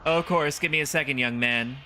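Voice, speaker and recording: A gentle, pleading grandmother speaks in a high, wavering voice, put on by a man reading game dialogue. Her tone is bright and strained, and she sounds old and fragile throughout. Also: a little fast, slight background noise. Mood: sweet. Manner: high quavering old-lady voice. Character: frail elderly woman, sweet and pleading.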